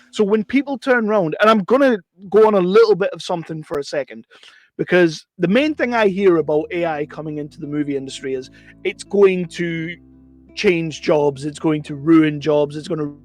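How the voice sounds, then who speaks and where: A man's voice: fairly high pitch, a little mellow. A man giving a casual, opinionated film review, chatty and rambling, often correcting himself mid-sentence.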